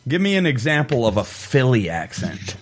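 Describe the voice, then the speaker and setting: Man in his 30s, blunt dismissive banter, lively swinging pitch, casual podcast co-host. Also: moderate pace, slight background noise. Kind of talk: casual chat.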